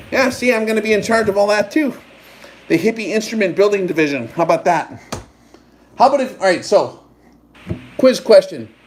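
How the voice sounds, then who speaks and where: A man's voice: on the high side, a little mellow, rough recording. A man hosting a live stream, rambling and mock-taunting his audience with rhetorical questions. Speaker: livestream host.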